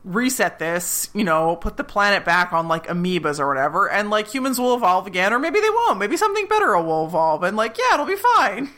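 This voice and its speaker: A woman's voice: mid-range voice, very animated, brisk, few pauses, fairly bright tone. A woman doing a breezy world-ending villainess. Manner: flippant, offhand. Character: breezy woman planning to erase all humanity.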